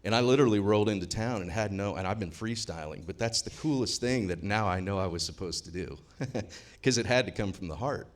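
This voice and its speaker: A seminar attendee in his 50s from the US Midwest addresses the live audience in a loose, profane, joking ramble. He speaks a little fast in a lowish voice.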